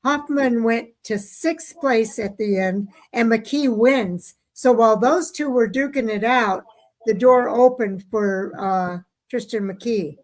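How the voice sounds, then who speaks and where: A woman's voice: on the high side, slow. Chatty racing radio co-host woman. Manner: chatty, reads listener comments, many fillers. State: hiccups. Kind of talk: casual racing talk radio chat.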